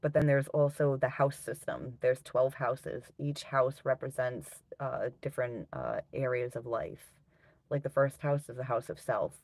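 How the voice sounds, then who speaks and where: Gravelly-voiced woman chatting on a live stream. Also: extremely low pitch, steady tone, unhurried, darkish tone, no echo. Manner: chatty, laughs often, swears casually. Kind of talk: casual live-stream chat with viewers.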